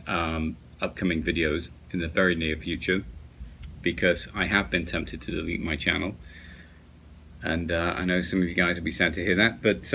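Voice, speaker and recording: A man's voice: deep voice, fairly bright tone, a little hiss or hum. A man chatting casually at home late at night about pipes, rambling with lots of fillers and restarts. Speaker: pipe smoking vlogger.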